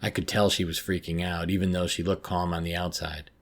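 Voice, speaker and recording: A man narrating a first-person horror story in a measured, tense way. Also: low voice, flat delivery, vocal fry.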